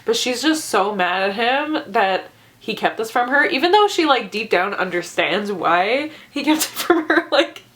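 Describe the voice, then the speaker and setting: A woman's voice: a little high, expressive, unhurried, fairly bright tone. A woman reviewing books in a casual vlog, ranting in an exaggerated way and laughing often. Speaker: book reviewer.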